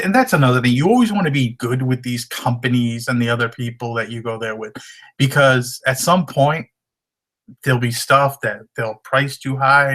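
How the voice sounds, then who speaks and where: A man with a slightly hoarse voice talks through resale tips in a loose, rambling way. He uses lots of fillers and casual asides. His pitch sits in an ordinary middle range. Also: bright, forceful tone. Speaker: reseller giving tips. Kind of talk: casual how-to talk.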